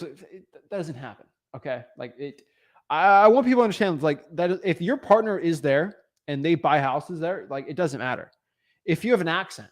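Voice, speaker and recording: A man hosting a livestream, talking straight to viewers with energy and acting out little dialogues. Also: on the high side. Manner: energetic, talks to viewers directly, acts out quick dialogues. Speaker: host. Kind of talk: livestream coaching talk.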